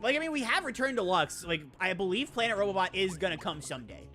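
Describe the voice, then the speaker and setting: A woman's voice: mid-range voice, very animated, quick pace, fairly bright tone. A woman streaming a video game, chatting casually and rambling in a self-mocking way as she reacts to chat. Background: game music.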